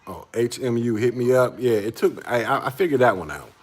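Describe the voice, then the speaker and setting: A man's voice: mid-range voice, expressive, brisk. A man in his forties, a livestream host, chatting casually with viewers in a laid-back way and laughing often. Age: 40s.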